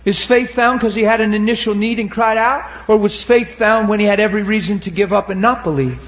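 A man preaching a sermon, acting out the scripture scenes and swinging from shouts to murmurs. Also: sits high, brisk. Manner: animated, acts out scripture voices, laughs and cries.

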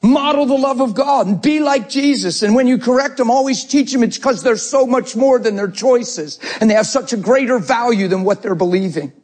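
A man's voice: high-pitched, slightly rough. A middle-aged man preaching a sermon, telling family stories and acting out the voices of parents and children. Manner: animated storytelling, acting out family dialogue.

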